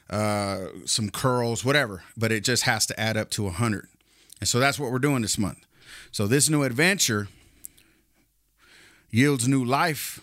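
A man's voice: mid-range voice, a bit bright, no echo, clean studio sound. A man hosting a motivational podcast as a life coach, upbeat and encouraging, a little out of breath. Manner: upbeat, encouraging, direct address.

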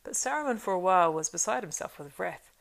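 Woman narrating an audiobook, low voice with a gravelly edge, measured. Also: animated, a bit bright. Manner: measured storytelling. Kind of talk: audiobook reading.

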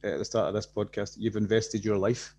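Male podcast host; encouraging, rambling, restarts a lot; lowish voice. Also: flat delivery, fairly quick, darkish tone. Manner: supportive, rambling questions with restarts. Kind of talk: interview questions.

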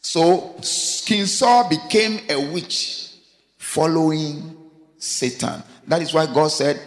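A male preacher speaking slowly and deliberately, his fairly high voice ringing out with a long, lingering reverb. He drives his points home with rhetorical questions to the congregation, dropping to low, quiet asides between raised, emphatic lines. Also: expressive. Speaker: pastor. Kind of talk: sermon.

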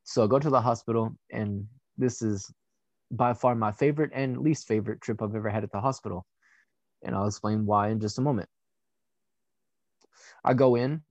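A young man telling a personal story in a casual, blunt way, swearing freely and filling pauses with "you know". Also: lowish voice, dry recording. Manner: candid and profane, with frequent fillers.

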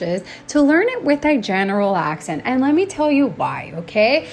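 A woman's voice: fairly high pitch, sing-song, normal speed, hardly any pauses, a little mellow, slight background noise. Chatty American woman teaching English. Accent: Northeast American. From United States. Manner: chatty, checks in with "okay?" and "right?". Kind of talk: unscripted lesson.

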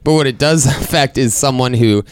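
A man hosts a comedy podcast and spins out a long, rambling story, swearing as he goes. His voice is smooth and clear at a middle pitch, and it sits dry and close with no room sound. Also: brisk, no room sound. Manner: rambling, animated, swearing freely. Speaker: podcast host telling a story.

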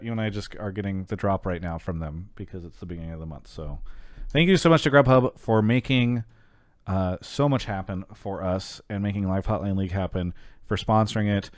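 A man hosting a call-in show, chatting casually and reading a sponsor spot, often trailing off quietly at the ends of sentences. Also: on the low side, normal speed, no room sound, clean studio sound. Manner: relaxed, rambling, trails off quietly at line ends.

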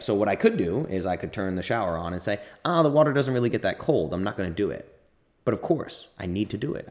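A man hosts a casual podcast and answers listener questions off the cuff. His voice sits deep and low. He rambles, corrects himself as he goes, and swears now and then. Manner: rambling, self-correcting, candid and profane. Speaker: podcast host.

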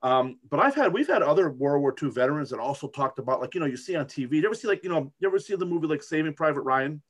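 A man's voice: a little high, expressive, rapid-fire. A middle-aged man from the United States chatting casually as a co-host, rambling with many restarts and fillers. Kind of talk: casual chat.

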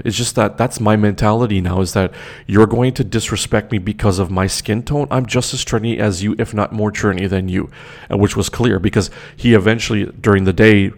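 A young man launches into an indignant, profane rant about something that happened to him, circling back to repeat his points. His low voice has a rough, gravelly fry and a darkish tone.

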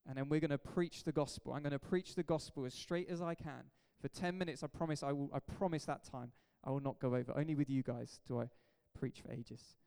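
A man's voice: medium pitch, steady tone, a little fast, gravelly, few pauses, dark tone, clear, resonant tone. A man, a pastor preaching an emphatic, jokey sermon in a church hall. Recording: echoey hall reverb.

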